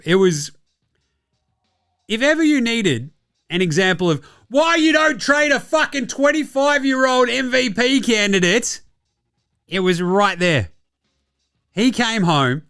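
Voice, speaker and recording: A man with an Australian accent recapping basketball results in a casual, sweary, excitable and sarcastic way. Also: high voice, smooth, dry recording, clean studio sound. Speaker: basketball podcast host.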